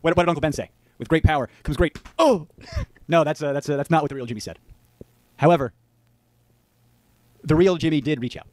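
A man talking to camera in a video, rambling and stammering, animated as he tells his story. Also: fairly high pitch, quick pace, pauses often, dry recording. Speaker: YouTuber in a played clip.

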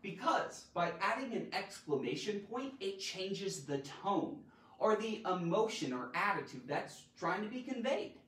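A man hosting a playful live-streamed grammar lesson, theatrical and full of sudden loud exclamations. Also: sits high, very animated, unhurried. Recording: roomy echo, mic at a distance.

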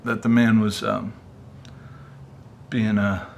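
A man filming a solo ghost-hunting vlog, excited and coughing, short of breath from the dust. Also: lowish voice, slow pace, creaky, slight background noise. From United States. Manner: excited, exclaiming to viewers. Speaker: paranormal investigator vlogger.

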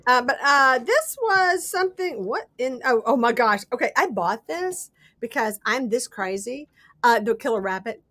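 Chatty high-voiced woman showing craft finds. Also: animated, normal speed, bright, forceful tone. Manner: chatty, rambling, laughs often. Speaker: host. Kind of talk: casual livestream chat while crafting.

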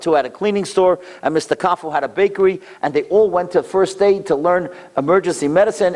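A middle-aged man giving a storytelling lecture, animated and acting out voices in dramatic bursts. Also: fairly high pitch.

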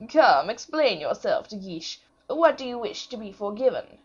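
Audiobook casting: woman reading a self-satisfied prince, slow and coaxing, husky tone, dull lo-fi sound. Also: mid-range voice, big pitch swings. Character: vain, pompous royal prince, grown man.

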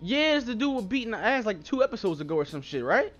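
A man's voice: high-pitched, sing-song, fast, dull audio, faint music behind. A young man commentating his own game play, trash-talking the characters with constant swearing. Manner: profane trash talk at the game. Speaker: gaming YouTuber.

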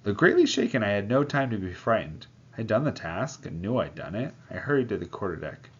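Low-voiced man reading a novel aloud. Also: sing-song, a little fast, slightly rough. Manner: voices the characters, breaks off to comment. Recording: dull lo-fi sound.

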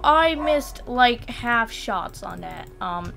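A young woman commentating her gameplay casually, excitable, shrieking and repeating words when things go wrong. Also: fairly high pitch, slow, vocal fry, few pauses, loud music behind the voice. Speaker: gaming channel host.

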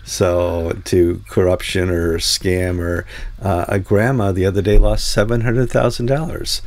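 Gravelly-voiced male show host. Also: low-pitched, fairly even intonation, measured pace, darkish tone. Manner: rambling storyteller with many fillers. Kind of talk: casual chat.

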